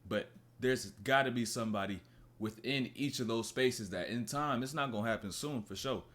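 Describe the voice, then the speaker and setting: A man's voice: medium pitch, normal speed, a bit bright. A man reacting to a podcast clip in a casual, thoughtful, rambling way, his voice dropping off at the ends of his thoughts. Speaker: reaction video host.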